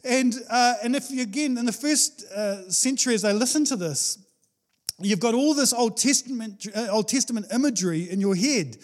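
A man preaching a sermon, reading scripture and explaining it in a casual, animated way with playful asides. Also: extremely high pitch, brisk. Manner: animated, playful, acts out quoted voices with laughs.

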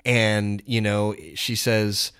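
A man's voice: lowish voice, flat delivery, takes it slowly, clean tone. A middle-aged man co-hosting a podcast, chatting casually and retelling movie scenes with plenty of "you know". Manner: rambling storyteller, acts out quotes loudly. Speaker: podcast co-host.

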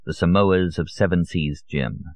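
Deep-voiced man narrating a novel. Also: measured pace, a little mellow, no room sound. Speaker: audiobook narrator. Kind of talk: scripted narration. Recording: dull, lo-fi audio.

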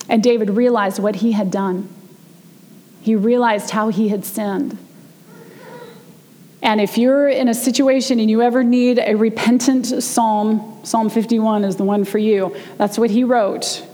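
A woman preaching a sermon, retelling a story in a chatty way and slowing down to stress key words. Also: fairly high pitch, fairly even intonation, warm tone, big-room sound. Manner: conversational storytelling, slows down for emphasis. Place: church sanctuary.

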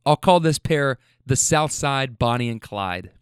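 A man's voice: mid-range voice, expressive, measured pace, smooth, no room sound, clean studio sound. A man who drives for a rideshare service telling a candid, profane story, often laughing. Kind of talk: casual storytelling.

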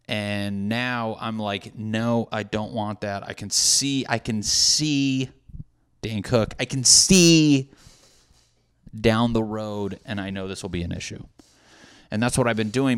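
Lower-voiced man in his thirties, rambling. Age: 30s. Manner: rambling, profane, self-deprecating. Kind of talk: casual podcast chat.

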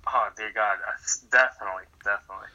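A man co-hosts a podcast, mostly answering in short, agreeable replies. His voice is bright and quick. The sound is dull and lo-fi, like a remote line. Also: fairly low pitch, fairly even intonation. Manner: laconic, agreeable, repeats "definitely". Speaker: podcast co-host.

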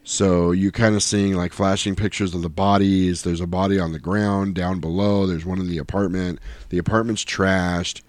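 A middle-aged man co-hosting a podcast recaps a film in a rambling, casual chat, quoting scenes in voices. His deep voice has little pitch movement, at normal speed with few pauses, in a dry recording.

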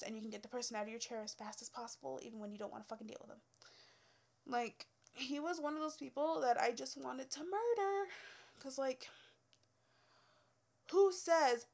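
A young woman with a slightly high voice tells stories from her hairstylist days. She is blunt and exasperated, swears freely and laughs between her points. Her delivery is casual and unscripted. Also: moderate pace. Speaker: former hairstylist telling work stories. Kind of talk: casual storytelling rant.

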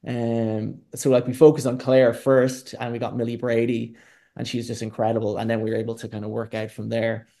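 A man's voice: mid-range voice, flat delivery, fairly quick, creaky, warm tone. A man being interviewed as a film director, talking in a candid, reflective and loosely rambling way. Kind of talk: casual interview talk.

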